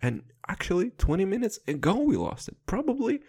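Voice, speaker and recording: A young podcast host who speaks English as a second language rambles crudely and playfully through a comedic rant, swearing constantly and laughing at his own jokes, right up against a close mic. His high voice swoops wildly in pitch, moving a little fast with a dark, slightly rough tone.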